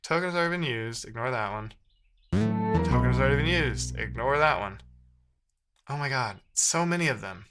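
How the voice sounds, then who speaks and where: A man's voice: mid-range voice, lively intonation, moderate pace, long pauses, fairly bright tone, soft background music. A man live-streaming himself debugging code, thinking aloud and trading sarcastic banter with his chat. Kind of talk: casual live-stream coding commentary.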